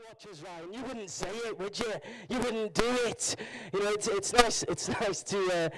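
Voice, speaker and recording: High-voiced Welsh comedian from Wrexham. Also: male voice, normal speed, a crowd in the background, poor audio. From Wales. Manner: rambling, self-mocking storytelling with many fillers. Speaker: stand-up comedian. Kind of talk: live stand-up comedy. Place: live comedy stage at a university campus event.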